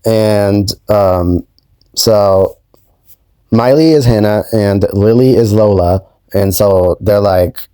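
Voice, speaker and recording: A young man talks in a low, mellow voice, easygoing and a bit halting, with lots of ums and you-knows. The sound is dry and close, with no room echo at all. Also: smooth. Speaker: YouTube host. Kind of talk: casual spoken recap.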